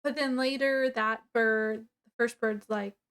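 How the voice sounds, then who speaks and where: A woman's voice: a little high, steady tone, measured pace, a bit bright, smooth. A woman casually reviewing a book, retelling the plot in a rambling way with lots of fillers.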